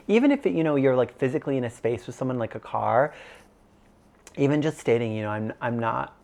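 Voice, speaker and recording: A man's voice: mid-range voice, gravelly, a little mellow. A man in his thirties teaching an online course in a casual, conversational way, full of "like" and "you know". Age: 30s. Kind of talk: casual instructional talk.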